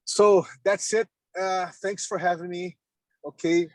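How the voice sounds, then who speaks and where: Halting man on a video call. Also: sits high, steady tone, a little mellow, dry recording. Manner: halting, repeats words, laughs often. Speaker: meeting participant. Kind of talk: casual video call chat. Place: in a car on the road.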